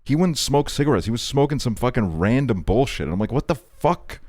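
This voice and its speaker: A young man from Estonia chatting casually on a stream, rambling and profane, telling animated stories. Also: mid-range voice, quick pace.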